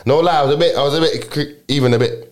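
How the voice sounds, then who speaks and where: A man's voice: on the high side, racing, slight background noise. A young man with a London accent, telling a rambling story in casual chat, full of slang and restarts.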